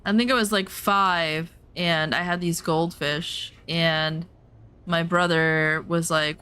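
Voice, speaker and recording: A woman's voice: deep voice, fairly even intonation, takes it slowly, bright, forceful tone, clear, resonant tone. A woman streamer chatting casually over gameplay, telling personal stories bluntly and emphatically, swearing now and then.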